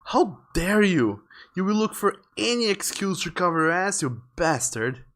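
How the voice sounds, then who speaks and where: A man putting on a frantic mother, pitched up high and shrill, lashing out in a slow, biting voice in a game's story. She speaks louder than those around her. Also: expressive. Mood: furious. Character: frantic middle-aged mother, accusing her husband.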